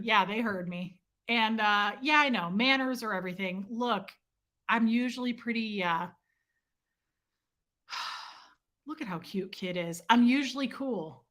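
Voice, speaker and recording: A middle-aged woman hosts her own channel and tells viewers a story in a loud, self-mocking way. She swears freely and acts out her own yelling. Her voice sits a little high and has a bright, forceful edge. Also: a little slow, pauses often. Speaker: channel host. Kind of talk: casual storytelling chat to viewers.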